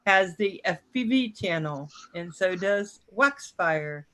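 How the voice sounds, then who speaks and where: A woman's voice: on the low side, lively intonation, slow, a bit bright. A woman in casual live-stream chat, a chatty, teasing storyteller.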